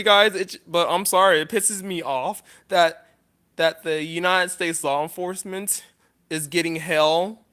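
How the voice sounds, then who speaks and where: A man talking off the cuff in a list vlog, halting and earnest, pausing often and restarting his sentences with frequent apologies. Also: fairly high pitch, sharp tone, clean tone. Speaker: vlogger.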